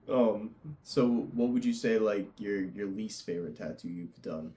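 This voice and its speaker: A man's voice: lowish voice, takes it slowly, warm tone. A young man hosting a casual interview, easygoing and chatty, laughing often. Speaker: podcast host and tattoo artist.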